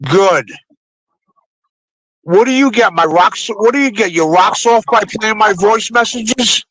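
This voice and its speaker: A man's voice: sits high, measured pace, fairly bright tone, slight background noise, low-quality recording. A man in a heated live call argument, taunting and mocking with heavy profanity.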